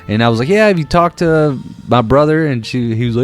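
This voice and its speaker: A man's voice: mid-range voice, normal speed, hardly any pauses. A young man, a podcast co-host, telling a casual story full of fillers. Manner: animated storyteller, many fillers, acts out voices. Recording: faint guitar music behind.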